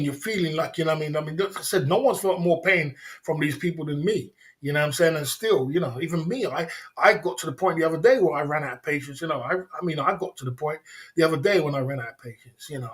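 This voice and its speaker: Guy rambling on his livestream, street slang, says the same thing over and over, kinda high voice. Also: fairly bright tone. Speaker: livestream host. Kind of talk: casual livestream chat reading viewer comments.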